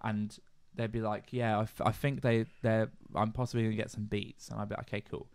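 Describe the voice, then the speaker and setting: A man's voice: on the low side, little pitch movement, a little fast, a little mellow, clear, resonant tone. Wry chatty guy. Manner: chatty, wry anecdotes with quoted voices. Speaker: podcast co-host. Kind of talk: casual chat.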